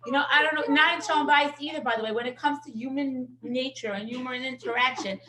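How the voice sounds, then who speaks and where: A woman teaching a parenting class in a casual, animated storytelling way, acting out what people said and dropping in Yiddish words. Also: high-pitched, fast talker, crowd noise. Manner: animated storyteller who acts out quotes and sprinkles in Yiddish words. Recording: echoey room.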